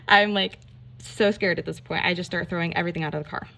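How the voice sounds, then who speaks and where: A woman telling a rambling, animated story in a casual storytime vlog while she does her nails, full of "like" and mild swearing. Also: fairly low pitch, normal speed. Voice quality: gravelly, creaky voice. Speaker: nail vlogger.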